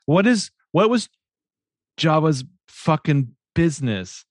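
A man's voice: fairly high pitch, big pitch swings, takes it slowly, no room sound, clean studio sound. A man co-hosting a podcast, chatting casually with profane, exasperated ranting. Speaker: podcast co-host. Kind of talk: casual chat.

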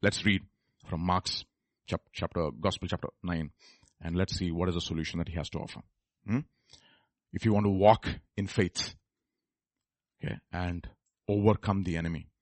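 A man preaching a sermon, moving between low murmured asides and loud, high exclamations and questions to the congregation. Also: fairly even intonation, moderate pace, long pauses, no echo. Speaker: pastor.

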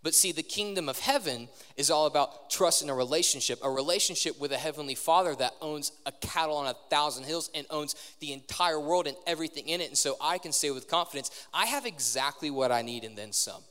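Higher-voiced male preacher in a reverberant hall. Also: fairly quick, few pauses, a bit bright. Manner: conversational, quizzes the audience. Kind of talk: sermon. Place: large church hall with live audience. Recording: long hall reverb from a live service.

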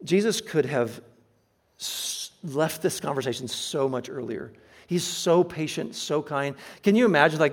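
Earnest preacher man, slightly high voice. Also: lively intonation. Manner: earnest, emphatic, slows down to stress key phrases. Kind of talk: sermon.

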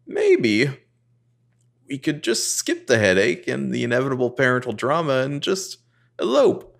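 A man voicing a flustered young man who pretends to be calm, sounding strained and breathless. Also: medium pitch, measured pace, gravelly, full character voice. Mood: pleading. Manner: strained, breathless, overly upbeat.

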